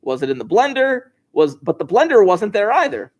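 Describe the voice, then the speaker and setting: A man's voice: high voice, big pitch swings, moderate pace, hardly any pauses. A man teaching an algebra class over a livestream from his classroom desk, joking and teasing his students and chuckling often. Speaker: high school algebra teacher.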